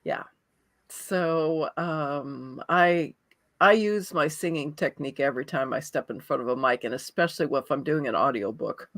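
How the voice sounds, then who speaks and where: A woman voice actor talking casually as an interview guest, animated and quick to laugh. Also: sits low, no room sound.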